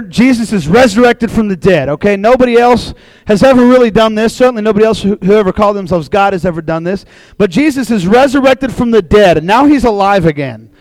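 A man preaching a casual sermon to a group, telling a Bible story in a chatty, animated way. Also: sits high, no room sound, poor audio. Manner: chatty and animated, acting out voices in quotes. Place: room with a live audience.

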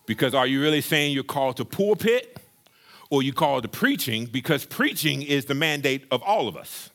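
Pastor guy preaching, high bright voice, super lively, acts out little scenes. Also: moderate pace. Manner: animated preaching with playful acted-out asides. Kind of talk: sermon.

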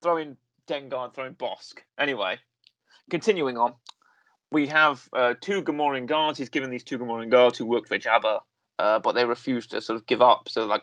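A man co-hosting a podcast, chatting casually in a rambling way, stopping to correct himself and filling gaps with ums and uhs. His mid-pitched voice sits close to a podcast mic in a dry, dead-sounding room. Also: brisk, fairly bright tone, no echo. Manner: rambling, self-correcting, full of fillers. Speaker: podcast co-host. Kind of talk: casual chat reviewing a series.

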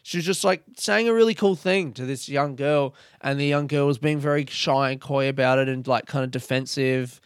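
Rambling man, smooth clear voice. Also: mid-range voice, moderate pace, few pauses, no room sound, clean studio sound. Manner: rambling, laid-back, swears casually. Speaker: comedian. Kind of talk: casual storytelling monologue.

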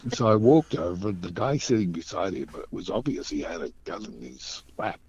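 A man from Australia tells stories as a guest in a low, gravelly and husky voice. He is animated and acts out the voices of the people in his tales. The sound is muffled and lo-fi. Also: brisk, noisy background. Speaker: guest storyteller. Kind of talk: casual anecdote telling.

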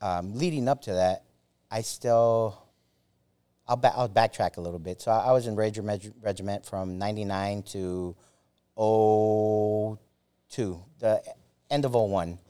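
A man in his forties, a former soldier, telling a story as a podcast guest in a halting, profane way, full of fillers and restarts. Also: fairly low pitch, warm tone, clean tone. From United States. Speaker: former Army Ranger. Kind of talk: casual storytelling.

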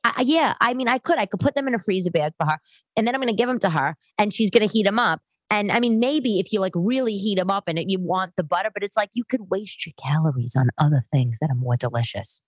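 A woman's voice: medium pitch, animated, quick pace, dry recording. A woman with a New York-area accent hosting a casual chat podcast from her living room, rambling into tangents and asides as she talks. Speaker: podcast host and stand-up comic.

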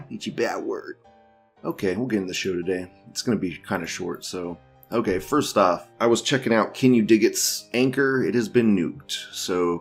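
A man hosting a podcast, giving crude, profane, offhand commentary and often laughing as he reacts to videos. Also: low voice. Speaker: podcast host.

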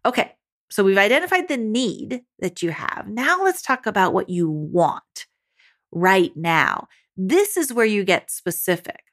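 A woman's voice: mid-range voice, very animated, measured pace, a bit bright. A woman, a parenting coach for mothers, giving encouraging, motivational advice straight to her listeners. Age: adult mother. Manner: encouraging, speaks directly to listeners as mamas. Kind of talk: motivational podcast coaching talk.

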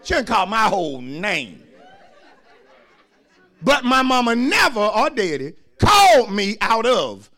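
A man, preaching a sermon as pastor and swinging from quiet asides to shouted lines. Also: high-pitched, wildly swooping pitch, a little slow, pauses often.

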